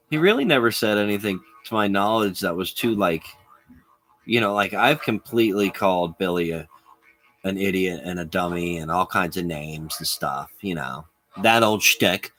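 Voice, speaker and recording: A man's voice: fairly low pitch, expressive, moderate pace, a bit bright, soft background music. Rambling man chatting on a stream. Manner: rambling, chats with viewers, laughs often. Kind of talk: casual live-stream chat.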